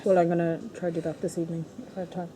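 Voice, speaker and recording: A young woman in casual chat, reflective and trailing off, who also reads aloud haltingly, on a moving train. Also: level tone. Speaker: co-host friend. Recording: loud train rumble behind.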